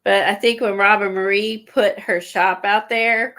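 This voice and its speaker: A woman chatting casually on an art livestream, a little out of breath and stuffy, rambling with halting fillers and restarts. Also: medium pitch, steady tone, fairly bright tone. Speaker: guest showing art supplies.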